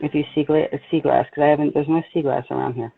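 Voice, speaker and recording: A woman's voice: low voice, steady tone, fast talker, vocal fry, slightly rough. A woman from New Jersey with a Jersey accent, a psychic medium hosting a casual livestream, talking bluntly and telling stories with animation. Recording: tinny phone-like line.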